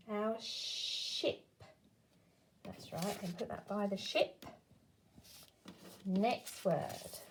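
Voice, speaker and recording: A woman teaching a phonics lesson to young children, sounding out words slowly and clearly and encouraging them to join in. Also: mid-range voice, darkish tone.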